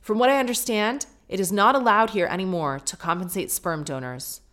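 A woman's voice: medium pitch, brisk, fairly bright tone, natural voice. A woman voicing a French-speaking listener reading out her own letter, in a put-on French accent with careful, earnest delivery.

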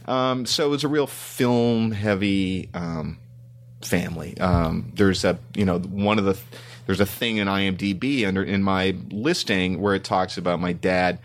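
A man's voice: sits low, a little slow. A middle-aged man from Canada, a screenwriter being interviewed, talking casually and rambling with frequent ums and restarts. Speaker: guest screenwriter.

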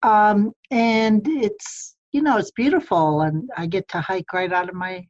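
A woman's voice: medium pitch, steady tone, measured pace, darkish tone, highs cut off. A middle-aged woman guest chatting in an interview, laughing often with frequent ums and restarts. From United States. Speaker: podcast guest, publisher. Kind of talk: casual interview chat. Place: home in the mountains of Colorado.

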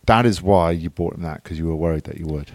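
Deep-voiced man bantering. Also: gravelly, darkish tone, no room sound. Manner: teasing, quick banter. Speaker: podcast co-host. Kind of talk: casual chat.

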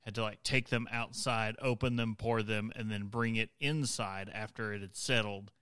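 Guy on a podcast going on about a brewery, lowish voice, super dry mic. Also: steady tone, moderate pace, sharp tone, clear, resonant tone, dry recording. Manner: emphatic, repeats points for effect. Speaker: podcast co-host. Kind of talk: casual storytelling.

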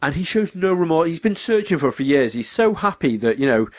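A man's voice: a little high, very animated, fairly quick, no echo. A young man chatting animatedly about video games, acting out characters in raised voices.

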